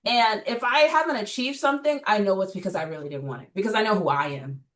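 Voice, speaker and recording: In a casual interview, a woman who works as a personal trainer speaks with blunt energy and frequent laughter. Her mid-range voice moves fast and sounds recorded from afar.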